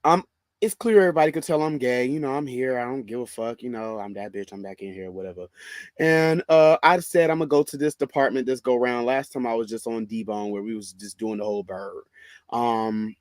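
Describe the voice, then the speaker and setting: A man with a Southern US accent telling a story in a casual monologue, animated, sassy and full of profanity. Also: mid-range voice, brisk, no echo. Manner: animated, profane, sassy, calls listener "bitch" and "girl".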